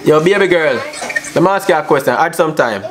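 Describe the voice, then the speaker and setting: A man's voice: on the high side, a little fast. A man, a vlogger teasing strangers on a video chat app with brash, slangy banter. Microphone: phone on a video call app. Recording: noisy phone recording.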